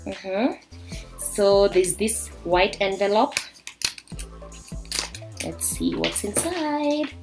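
A young woman from Kenya excitedly unboxing a beauty subscription box in a vlog, gushing and exclaiming as she goes. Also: mid-range voice, very slow. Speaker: beauty vlogger. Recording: faint background music.

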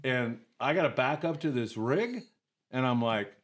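A man's voice: mid-range voice, measured pace. An older man, a retired commercial fisherman, telling stories in a casual podcast chat and acting out other people's lines. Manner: animated storyteller, acts out others' lines in raised voices.

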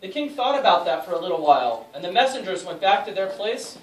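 A woman teacher with a fairly low voice narrates a school play in a very animated, fast way, saying each line so the children can repeat it. She's in a school room, heard through a distant mic with echo and faint noise.

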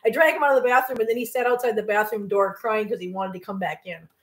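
A woman's voice: medium pitch, fairly even intonation, quick pace, echoey room. A middle-aged woman hosting a casual cooking livestream from her home kitchen, chatty and rambling, often laughing and cooing at her cats. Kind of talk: casual chat while cooking live.

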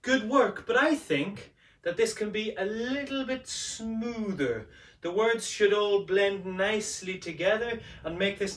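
Singing teacher, male, high voice, unhurried and playful, mic at a distance in a roomy space. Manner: playful, coaxing, demonstrates by singing. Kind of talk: vocal warm-up lesson.

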